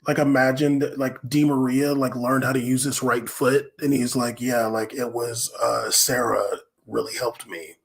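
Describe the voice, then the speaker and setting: Guy hosting a podcast, rambly and slangy, laughs a lot, mid pitch. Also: fairly even intonation, moderate pace, vocal fry, few pauses. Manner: rambling, slangy, laughs often, lots of fillers. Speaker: podcast host. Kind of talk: casual solo commentary.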